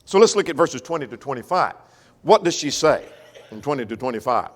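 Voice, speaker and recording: A man's voice: medium pitch, very animated, a little fast. A man teaching a Sunday Bible class in a folksy way, often checking that the class follows. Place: church. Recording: long church reverb.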